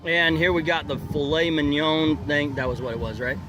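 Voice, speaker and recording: A man's voice: a little high, steady tone, normal speed, a little hiss or hum. A man hosting a casual food vlog outdoors at a theme park festival, joking and reading menu items aloud. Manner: jokey, chatty, reads menu items aloud. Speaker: vlogger host. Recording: outdoor festival with loud background music. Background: music playing nearby.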